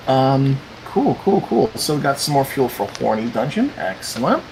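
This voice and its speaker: A man's voice: mid-range voice, big pitch swings, normal speed, noisy background. Chatty man hosting a tabletop game. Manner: chatty, meandering, repeats "cool". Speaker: game master.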